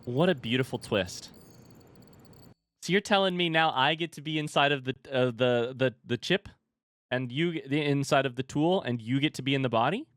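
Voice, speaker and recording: Male let's-play commentator: excitable, rambling and jokey, mid-pitched voice. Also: normal speed, no room sound, studio quality. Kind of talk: casual, unscripted game commentary.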